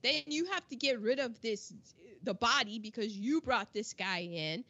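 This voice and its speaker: Brief: woman podcast co-host, high and very expressive, loud exclamatory film recap. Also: moderate pace, highs cut off. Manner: animated, exclamatory storytelling with slang. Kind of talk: casual film discussion.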